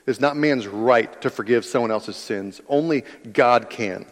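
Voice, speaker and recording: A pastor with an unhurried, mid-range male voice preaches an earnest sermon, repeating key phrases for emphasis. The recording carries long hall reverb.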